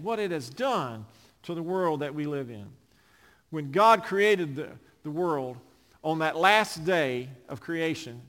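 High-voiced preacher in a reverberant hall. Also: male voice. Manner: impassioned preaching, swinging between loud emphasis and hushed low phrases. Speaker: pastor. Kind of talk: sermon.

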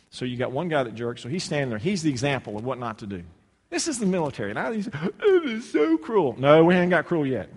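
A man preaching a sermon, telling a personal story with humor and sudden loud shouted quotes. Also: medium pitch, big-room sound.

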